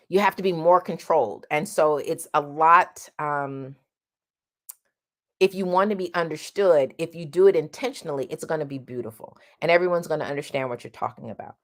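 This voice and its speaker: A woman teaching a singing lesson, explaining vowel sounds and singing short vowel demonstrations between her explanations. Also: deep voice.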